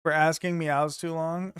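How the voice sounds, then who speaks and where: A man's voice: a little high, flat delivery, a little slow, fairly bright tone, clear, resonant tone, no room sound, clean studio sound. A man streaming from home, chatting loosely with his viewers, joking and swearing casually. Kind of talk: casual chat with live viewers.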